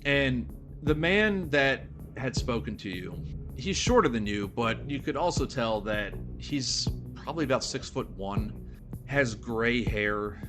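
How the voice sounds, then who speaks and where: A man narrating as game master of a tabletop horror game, describing scenes in a relaxed way with casual fillers. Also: medium pitch, unhurried. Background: music.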